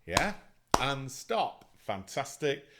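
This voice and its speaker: Cheery guy teaching kids music, slow easy pace, some hiss behind. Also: medium pitch, big pitch swings. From England. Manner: upbeat, encouraging, counts children in. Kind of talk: online music lesson for children.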